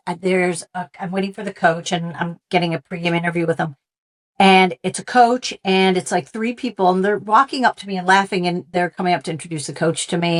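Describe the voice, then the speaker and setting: A middle-aged woman, a sports reporter, telling stories as a guest in a casual conversation. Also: on the low side. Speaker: NFL sideline reporter, guest.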